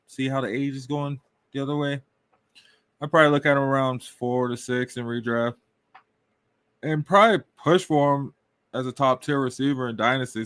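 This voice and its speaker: A man's voice: medium pitch, a bit bright, smooth, no room sound. A man hosting a casual podcast, talking loosely and rambling, often tossing in questions and shrugging asides. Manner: loose, rambling, full of "right?" and "I don't know". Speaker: podcast host. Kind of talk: casual fantasy football talk.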